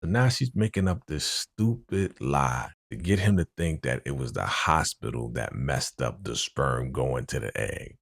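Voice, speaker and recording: A man's voice: rumbling low, lively intonation, a little slow, gravelly, hardly any pauses, dry recording, clean studio sound. A man giving a casual recap of a TV episode, retelling scenes through quoted dialogue and speaking out plainly about what he dislikes. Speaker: TV recap vlogger.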